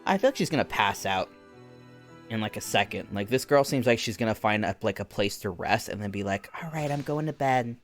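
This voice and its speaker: A man's voice: fairly low pitch, expressive, fairly quick, soft background music. A young man streaming a game, chatting casually and rambling with lots of fillers.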